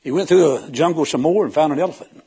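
A man preaching a sermon in a folksy way, telling a joke and asking the congregation questions, swinging from loud emphatic peaks to low quiet asides. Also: fast talker, slightly rough. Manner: folksy, tells jokes and animal stories, asks the congregation questions.

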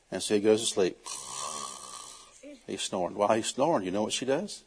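A male preacher tells a Bible story in a folksy, conversational way. His pitch rises and falls a lot. His voice has a slightly husky grain. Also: brisk, pauses often. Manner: folksy, animated, plays the characters. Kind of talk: storytelling sermon.

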